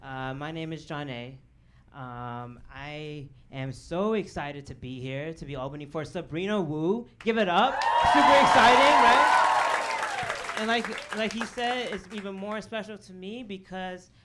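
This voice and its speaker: A stand-up comic from Chicago's south suburbs works a club crowd with loose, rambling stories. The delivery is casual, full of "um" and "you know what I'm saying?", and it comes through a handheld mic on a live recording with plenty of room noise. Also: female voice, lowish voice, a little slow. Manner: casual storytelling, peppered with "um" and "right?". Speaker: stand-up comedian. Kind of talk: stand-up comedy set. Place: comedy club stage.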